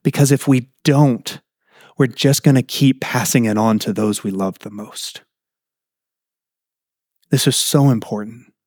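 A man's voice: measured pace, pauses often, darkish tone, dry recording. Conversational male preacher, dry sound. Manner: conversational preaching with sudden rises in pitch. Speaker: pastor. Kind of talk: sermon.

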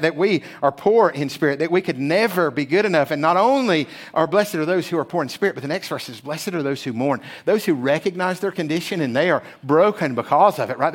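A man with a high voice preaches to his congregation in a church. His delivery is emphatic and conversational, and he keeps checking in with his listeners. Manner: emphatic preaching, often tagging phrases with "right?". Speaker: pastor. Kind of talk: sermon.

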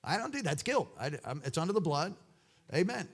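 A man preaching a sermon, swinging between loud exclamations and hushed asides. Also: high voice, big pitch swings, a little fast, slightly rough.

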